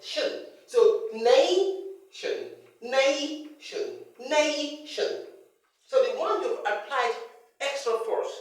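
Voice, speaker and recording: Emphatic speaker drilling words in an echoey hall. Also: medium pitch. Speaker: speaker teaching pronunciation. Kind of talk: lecture on pronunciation. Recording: very echoey hall, voice far from the mic.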